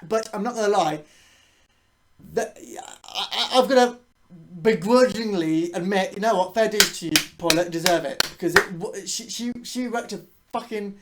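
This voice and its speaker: A woman's voice: medium pitch, moderate pace, a little hiss or hum. A woman giving a casual, rambling reaction to a match as a channel host. She swears freely and often restarts her sentences.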